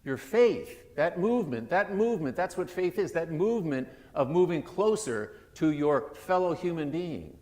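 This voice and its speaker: A man's voice: a little high, animated, normal speed, hardly any pauses, darkish tone. Man preaching in an echoing church. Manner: conversational, with frequent restarts and asides. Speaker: pastor. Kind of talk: sermon. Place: church sanctuary. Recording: long church reverb.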